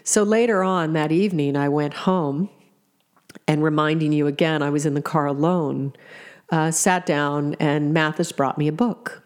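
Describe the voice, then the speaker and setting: A woman's voice: low voice, fairly even intonation, moderate pace. A middle-aged woman telling personal stories in a reflective way, with fillers and restarts. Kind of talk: personal storytelling.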